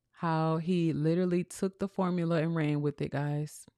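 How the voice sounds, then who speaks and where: Woman, 30s, lowish voice, dry sound, casual livestream, preachy coaching tone. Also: level tone, measured pace, mellow, no room sound. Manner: preachy, addresses viewers as y'all. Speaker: dog breeder and business coach.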